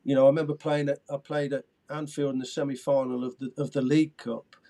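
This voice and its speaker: Talking fast with little pitch movement, the sixty-something former footballer has a mid-range voice that's creaky and warm. He's an eager interview guest telling casual stories, frequently tripping over words and starting again.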